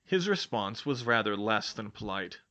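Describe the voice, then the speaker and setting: A man reading fan fiction aloud as an expressive audiobook narration. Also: lowish voice, normal speed. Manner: expressive, voices each character. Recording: dull lo-fi sound.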